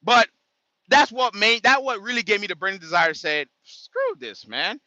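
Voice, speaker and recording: A man who drives trucks talks casually on a livestream and tells his story with animated emphasis. His voice is bright and slightly high, and the dull, dry audio sounds like a basic stream setup. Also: moderate pace, no room sound. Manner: animated, emphatic retelling with acted quotes. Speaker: truck driver content creator.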